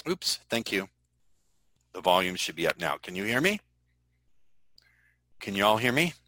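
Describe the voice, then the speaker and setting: A middle-aged man leads an online sales webinar in a low, forceful voice. He is emphatic and loves to repeat his points several times. The sound is close and dry, like a video call. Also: big pitch swings, normal speed, dry recording, low-quality recording. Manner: emphatic and repetitive, drills phrases. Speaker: sales trainer.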